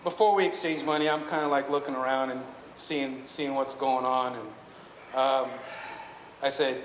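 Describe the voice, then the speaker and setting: A man's voice: mid-range voice, steady tone, measured pace. A man telling a personal story live to an audience, chatty and rambling, often correcting himself. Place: hall at a live storytelling evening. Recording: echoey hall with long reverb, faint noise.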